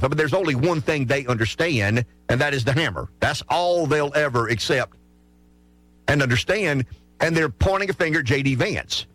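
A man's voice: on the high side, animated, normal speed, fairly bright tone, no echo. A male talk radio host giving rambling political commentary, full of restarts and asides.

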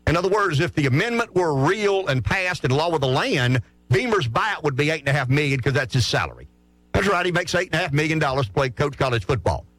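A middle-aged man hosts a sports talk show, his voice climbing and dropping all over the place as he pushes blunt opinions. He trips over his words and restarts a lot, and his voice sits slightly high with a dry, close sound. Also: quick pace, dry recording. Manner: blunt, animated, stammering restarts. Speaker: radio talk show host.

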